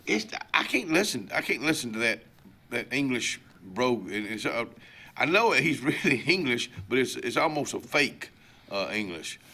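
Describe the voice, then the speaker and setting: Bright-voiced Southern man hosting. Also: mid-range voice, big pitch swings, normal speed, breathy edge. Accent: Alabama Southern drawl. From Alabama. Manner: rambling, folksy, many fillers and restarts. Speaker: morning show host. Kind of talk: casual chat.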